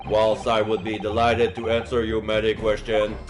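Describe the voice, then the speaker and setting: A man's voice: lowish voice, completely flat delivery, normal speed, music in the background, close to an everyday voice. A man voicing a scheming mechanical villain from a game in a stiff, robotic manner. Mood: menacing.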